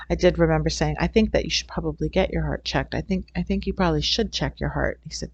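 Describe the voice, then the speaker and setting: A woman's voice: sits low, fast, gravelly, hardly any pauses, highs cut off. A middle-aged woman, a holistic healing teacher, telling a personal story in an earnest, rambling way. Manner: rambling, earnest, with frequent restarts. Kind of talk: casual storytelling talk.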